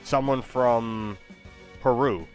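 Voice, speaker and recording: A man talks casually while he plays a game, rambling and hesitant, full of fillers. His pitch is ordinary, and faint music plays behind him. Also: slow pace, a little mellow. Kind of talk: casual chat while gaming.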